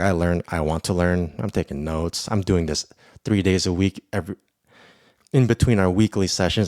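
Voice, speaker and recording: Deep-voiced man ranting on his podcast. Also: dry recording, clean studio sound. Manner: profane, excitable, rambling. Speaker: podcast host. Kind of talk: casual solo podcast monologue.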